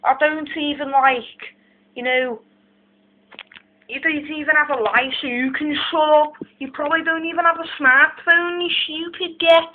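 Amateur bit: woman plays a rambling, insulting Irish-accented ranter; high voice, phone-like recording. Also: steady tone, slow, hardly any pauses, a little hiss or hum. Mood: indignant. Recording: lo-fi phone-like sound.

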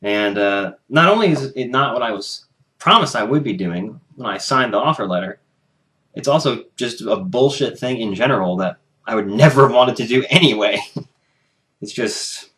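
A man's voice: mid-range voice, lively intonation, moderate pace, a bit bright. A young man from the United States in a casual vlog, venting angrily about his job and swearing as he talks to his camera at home. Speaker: vlogger.

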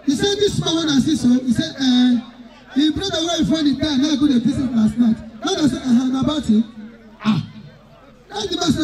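A Nigerian man emceeing a wedding, his voice pitched very high for a man. He tells jokes and stories and breaks into shouts, with the chatter of a big wedding crowd all around him. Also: lively intonation, brisk, low-quality recording. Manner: joking, storytelling, bursts of shouting. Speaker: wedding master of ceremonies. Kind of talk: live event emceeing to a crowd. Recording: loud wedding crowd behind.

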